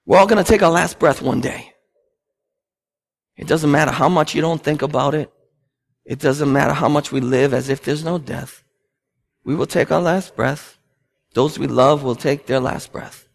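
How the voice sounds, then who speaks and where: A man in his thirties, a pastor preaching a sermon and telling family stories with lively acted-out dialogue. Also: on the high side, normal speed, gravelly, pauses often. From United States. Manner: storytelling, animated, acts out family scenes.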